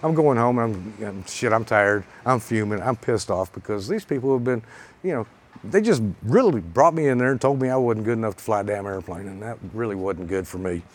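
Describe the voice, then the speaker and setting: A man, a pilot and author, telling a story from a stage in a salty, animated way, his voice rising and heating up at times. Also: on the low side, brisk. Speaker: pilot and author giving a talk. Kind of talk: storytelling presentation. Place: event stage.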